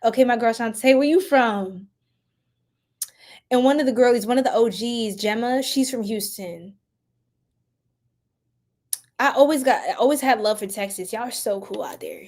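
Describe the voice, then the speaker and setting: Laughing often, a playful woman runs a casual live stream as a tarot reader, bantering with the chat and letting out loud exclamations. She speaks at a normal speed in a slightly high voice, with frequent pauses.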